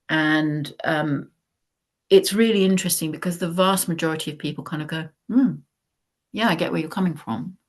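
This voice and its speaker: A woman's voice: low voice, steady tone, creaky, husky. A woman author as a guest in a conversation, talking reflectively and acting out bits of dialogue. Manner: reflective, measured, acts out dialogue. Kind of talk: live conversation.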